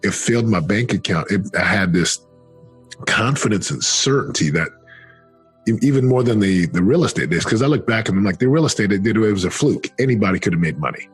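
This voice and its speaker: A middle-aged man telling his life story in an interview, earnest and emphatic, slowing down on key phrases. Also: fairly low pitch, expressive, slightly rough, soft background music. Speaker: interview guest, former football player and speaker.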